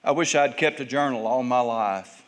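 A male pastor preaching a sermon, telling Bible stories and acting out the people in them with big swings in pitch and volume. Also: normal speed, clean tone.

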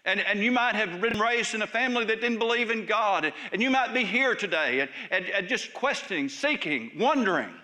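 A male pastor preaching a sermon in a church service, emphatic and raised at times, then dropping to soft, hushed lines. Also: high-pitched, expressive, fairly quick, few pauses.

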